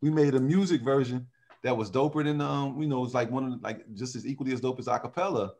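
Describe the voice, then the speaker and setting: A man who sings in a vocal group, telling animated stories in a casual interview and often laughing. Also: mid-range voice, fast. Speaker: singer in a vocal group, guest.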